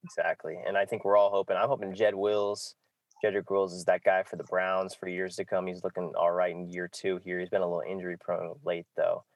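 A man's voice: deep voice, flat delivery, brisk, no room sound. A man hosting a casual sports podcast, loose and jokey, often saying "exactly". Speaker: podcast host.

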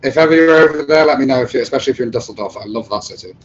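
A man's voice: mid-range voice, very fast, dull audio. A man with an English accent, hosting a casual chat and telling stories in a chatty way. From England. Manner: chatty, anecdotal storyteller. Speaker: host, brass band trombonist.

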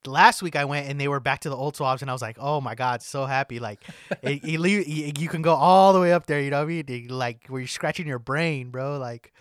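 A man's voice: fairly high pitch, a little fast, a bit bright, smooth, no room sound, clean studio sound. A man co-hosting a podcast in casual chat, ranting with lots of swearing. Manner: ranting, heavy swearing, lots of filler likes. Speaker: podcast co-host.

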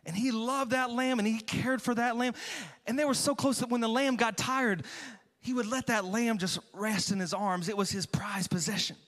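A man voicing a stern biblical prophet who tells a parable and then gravely confronts a king. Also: very high voice, fairly even intonation, moderate pace, a bit bright, long reverb tail. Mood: storytelling.

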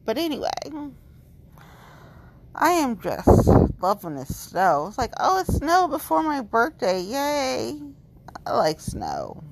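A woman's voice: mid-range voice, creaky, a little hiss or hum. A woman in her late thirties chatting casually as a vlogger, rambling and gushing, repeating herself, a little tipsy. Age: late 30s. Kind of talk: casual chat.

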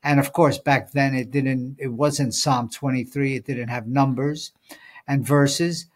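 A man's voice: mid-range voice, fairly even intonation, a little slow. A man co-hosting a Bible study podcast, talking things through thoughtfully with many fillers and reading scripture aloud. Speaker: podcast co-host. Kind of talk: casual Bible study discussion.

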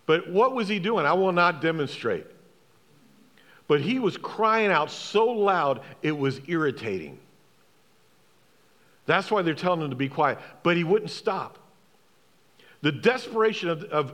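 Animated man preaching a sermon. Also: a little high, big-room sound. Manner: emphatic, repeats key phrases, asks the congregation questions. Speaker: pastor.

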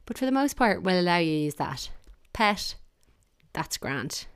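A woman's voice: lowish voice, very animated, normal speed, clear, resonant tone, no echo, studio quality. An Irish woman talking casually and wryly, giving her opinions in a chatty monologue.

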